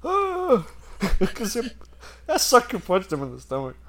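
A man's voice: high-pitched, sing-song, moderate pace, gravelly. A man telling a story in casual chat, rambling and laughing as he goes.

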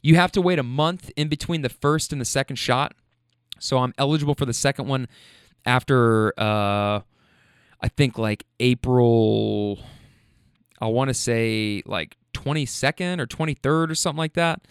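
A man's voice: medium pitch, moderate pace, clear, resonant tone, dry recording, studio quality. Casual man telling stories, laughing often. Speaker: rideshare driver and storyteller. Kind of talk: casual storytelling.

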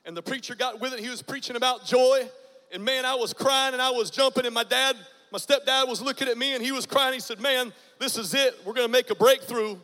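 A man in his forties giving a dramatic testimony sermon, swinging from hushed storytelling to loud bursts. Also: very high voice, fairly even intonation, quick pace. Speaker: guest preacher. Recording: long hall reverb.

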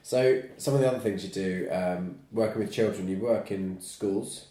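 A podcast host with a low voice chats casually and agrees readily with his guest. His voice carries a roomy echo indoors. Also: normal speed, dark tone.

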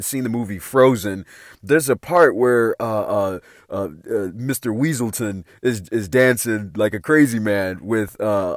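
Man, middle-aged, casual anecdote, profane slang, laughing, very animated pitch, dry close sound. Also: no room sound. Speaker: storyteller.

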